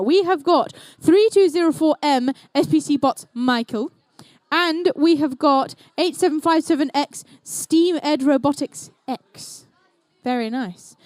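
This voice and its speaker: A woman's voice: high voice, no room sound. A young woman emceeing a robotics competition, giving live match commentary with playful, jokey asides. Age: young adult. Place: indoor robotics competition venue.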